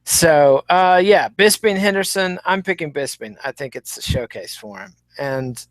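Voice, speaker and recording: A middle-aged man with a Midwestern Texas Panhandle accent co-hosts a podcast in casual, wry banter. His voice sits somewhat high. It is recorded close and dry, with no room sound. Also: lively intonation, measured pace, no echo. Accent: Midwestern American, Texas Panhandle. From Texas Panhandle, USA. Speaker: podcast co-host. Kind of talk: casual chat.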